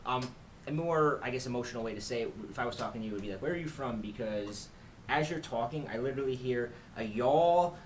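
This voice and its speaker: A man's voice: mid-range voice, a little fast, slight background noise, low-quality recording. A man hosting a casual dating-advice chat, rambling, restarting, and asking his guest questions. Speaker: dating coach host.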